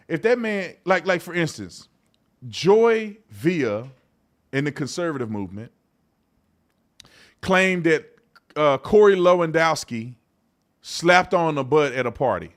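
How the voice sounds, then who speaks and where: A man hosting a live-streamed talk show in a casual, colloquial way, swinging from loud outbursts to low mutters and often repeating himself. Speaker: host.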